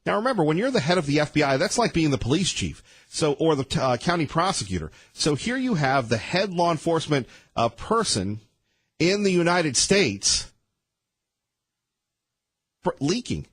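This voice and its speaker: A man hosting a morning talk radio show, delivering rapid-fire sarcastic opinions. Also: a little high, big pitch swings, husky, no room sound. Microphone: studio microphone.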